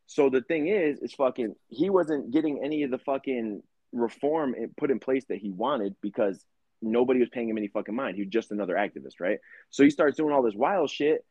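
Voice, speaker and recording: Husky, profane man telling stories. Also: mid-range voice, a little fast, dry recording, lo-fi sound. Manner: profane, animated storytelling with put-on quotes. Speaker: podcast co-host. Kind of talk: casual chat.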